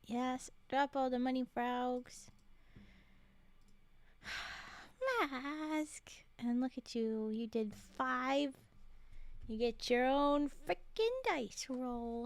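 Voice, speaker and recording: A woman's voice: sits high, extremely slow, long pauses, no room sound. A woman streamer chatting casually with her viewers, giggly and chatty. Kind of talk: casual livestream chat.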